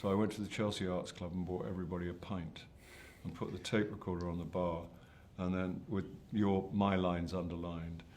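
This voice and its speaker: A man's voice: low-pitched, little pitch movement, fairly quick, hardly any pauses, darkish tone, a little hiss or hum. An older man, an actor answering interview questions in a hesitant, self-deprecating way with many restarts. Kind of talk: press junket interview.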